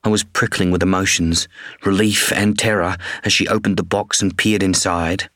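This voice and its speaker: Deep-voiced man narrating an audiobook. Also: steady tone, moderate pace, fairly bright tone, no room sound, studio quality. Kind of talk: first-person scripted narration.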